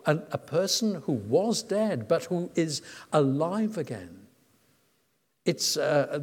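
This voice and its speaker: Man preaching in a reverberant church. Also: fairly high pitch. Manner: conversational with frequent uh fillers. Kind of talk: sermon.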